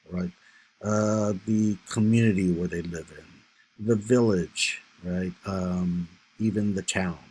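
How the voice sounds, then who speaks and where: A man's voice: low voice, a little hiss or hum, rough recording. A man giving a recorded history lecture over slides, talking in a loose conversational way and often checking in with "right?" and "you know".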